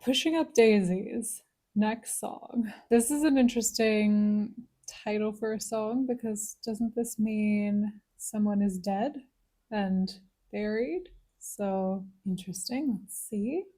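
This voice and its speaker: A woman's voice: mid-range voice, darkish tone. A woman therapist hosting a music reaction video, gushing and laughing often, then thinking aloud about the lyrics.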